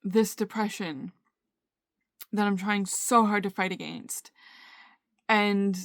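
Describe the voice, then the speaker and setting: A young woman recording a candid personal video diary on her phone, talking haltingly with many fillers and restarts. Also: medium pitch, little pitch movement, no room sound, studio quality. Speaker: vlogger. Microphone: phone camera.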